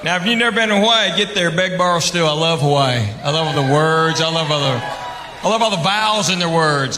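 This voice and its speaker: A man's voice: fairly high pitch, a little fast. A man with a Southern American accent doing a stand-up comedy routine, telling drawling stories and laughing at his own punchlines. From United States. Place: theater stage before a live audience. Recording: roomy theater with audience laughter and background noise.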